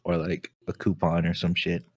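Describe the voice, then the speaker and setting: A young man with a fairly low voice tells a story on a casual podcast. He swears freely and keeps breaking into laughter as he talks. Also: completely flat delivery, normal speed, darkish tone, slightly rough. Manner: laughs often while telling stories. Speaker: podcast co-host. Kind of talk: casual chat.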